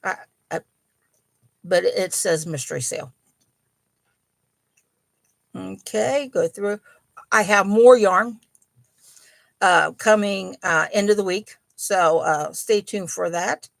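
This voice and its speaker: A woman's voice: medium pitch, takes it slowly, creaky, long pauses, no echo. A middle-aged woman hosting a casual live chat from home about yarn, talking in a rambling way with many ums and apologies. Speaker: host of a yarn and crochet channel.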